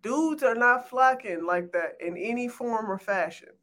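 A woman's voice: a little high, expressive, a bit bright. Blunt, frank woman on a podcast. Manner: blunt, frank, quick comebacks. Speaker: podcast co-host. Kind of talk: casual banter.

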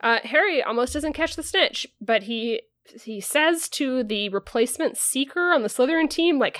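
A woman's voice: on the high side, moderate pace, hardly any pauses, fairly bright tone, no room sound. Chatty woman recapping, dry sound. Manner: rambling, filler-heavy, lots of "like" and "um". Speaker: podcast host. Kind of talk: casual chapter recap.

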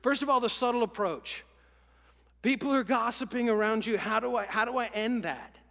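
A man preaching a sermon in an animated way, acting out quoted lines and dropping to a whisper for emphasis. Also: extremely high pitch, normal speed, creaky, long reverb tail. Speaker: pastor.

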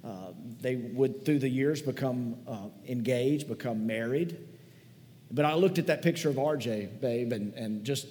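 A man's voice: mid-range voice, darkish tone. A man preaching a sermon as pastor, telling church memories in a conversational, folksy, sentimental way in a large church hall. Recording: long hall reverb.

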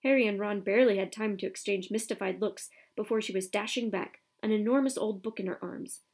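A woman narrates a children's novel with steady storytelling. Her middle-pitched voice carries the scenes along evenly. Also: a little fast, vocal fry. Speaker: audiobook narrator. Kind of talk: scripted narration.

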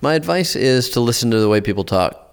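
A man, a filmmaker who gives advice in a lecture, thoughtful and halting, often restarting his sentences. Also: mid-range voice, animated, gravelly, smooth. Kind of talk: lecture talk.

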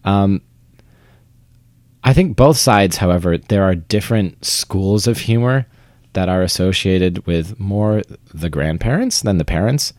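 A man's voice: deep voice, animated, unhurried, darkish tone, no room sound, studio quality. A young man from Vermont who works in theater, talking casually in an interview, chatty and self-deprecating, often trailing off and restarting. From Vermont, United States. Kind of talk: conversational interview.

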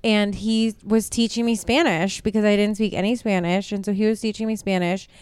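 A woman's voice: medium pitch, fairly even intonation, darkish tone, smooth, no room sound. Teasing woman in casual chat. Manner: teasing, quick to question and laugh.

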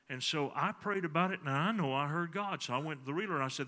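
A man's voice: a little high, fast, few pauses, sharp tone. A middle-aged man, preaching a sermon in a folksy storytelling way and talking to the congregation. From Texas. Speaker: pastor.

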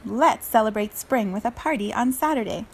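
A woman's voice: a little high, normal speed, breathy edge. A bossy, hardworking iguana from a storybook, voiced by a woman reading aloud. She speaks with insistence and mounting exasperation, in a voice only a little changed from the reader's own. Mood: determined.

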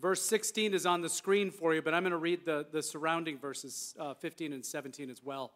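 Chatty male pastor, slightly high voice. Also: fairly even intonation, fairly quick, hardly any pauses, a bit bright. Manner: conversational, self-deprecating, restarts and asides. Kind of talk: sermon. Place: church sanctuary.

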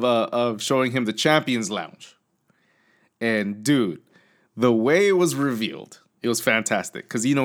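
A man, co-hosting a casual podcast chat and telling a long story full of fillers and restarts, acting out what people said. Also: medium pitch. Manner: rambling storyteller, acts out quotes, many fillers and restarts.

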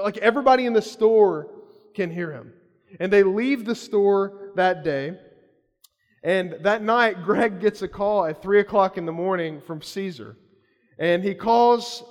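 A male pastor with a fairly high voice, preaching in a lively, conversational storytelling way. His words trail off in a long hall reverb. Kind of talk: sermon.

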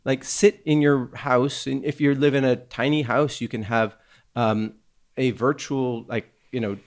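A man's voice: medium pitch, fairly even intonation, unhurried. A man hosting a podcast in casual chat, rambling with many fillers and restarts. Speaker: podcast host.

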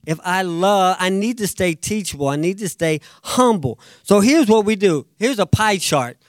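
A man preaching a sermon as pastor, animated, acting out quotes and swinging between loud bursts and hushed asides. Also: high-pitched, moderate pace, no echo, studio quality. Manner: animated, acts out quotes, jumps loud and soft.

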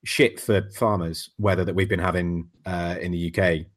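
Bloke, low-pitched, easygoing podcast chat with casual swearing. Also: male voice, steady tone, normal speed. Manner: laid-back, swears casually, laughs often. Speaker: podcast co-host, blacksmith.

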